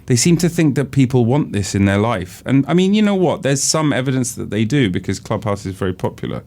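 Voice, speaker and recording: A man with a British accent co-hosting a radio show, casual and jokey, quick to laugh. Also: medium pitch, animated, dark tone. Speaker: podcast and radio co-host. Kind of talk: casual chat.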